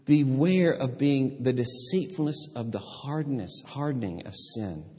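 Husky man preaching in a reverberant hall. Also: a little high. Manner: animated, acts out voices of people in the story. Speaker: pastor. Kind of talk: sermon.

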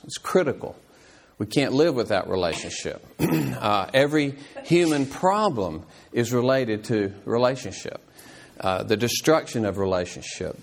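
Low-voiced man teaching a halting Bible class. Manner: halting, with many fillers and restarts; earnest and explanatory.

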